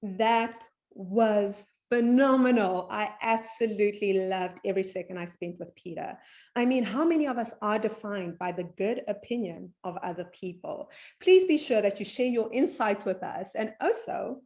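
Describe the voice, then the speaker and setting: A woman's voice: medium pitch, lively intonation, normal speed, a little mellow. A woman hosting a podcast, effusive and upbeat as she wraps up the episode. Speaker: podcast host. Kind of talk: podcast wrap-up.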